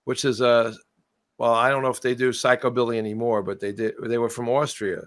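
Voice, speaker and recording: A man's voice: medium pitch, level tone, fairly quick. A man telling a long story in a casual interview, often trailing off and starting his sentences over. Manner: rambling, trailing off and restarting. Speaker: guest musician.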